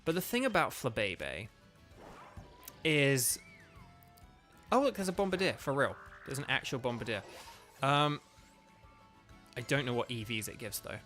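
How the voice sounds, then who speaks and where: A man's voice: medium pitch, sing-song, unhurried, long pauses, fairly bright tone. A young British man chatting casually while livestreaming a video game, rambling with lots of fillers. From Britain. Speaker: game streamer and voice actor. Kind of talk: casual gaming livestream chat. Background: faint background music.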